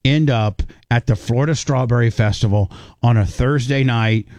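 A man's voice: medium pitch, moderate pace, a little mellow, no echo. A man hosting a casual radio show who interrupts often to question his guest. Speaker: radio host.

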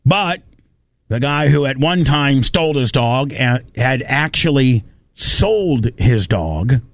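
An excitable man hosts a casual chat, telling a story and tripping over his own words as he goes. He keeps repeating himself when something amazes him. His voice sits at an everyday pitch and sounds dry and close, with no room around it. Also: slow pace, no echo.

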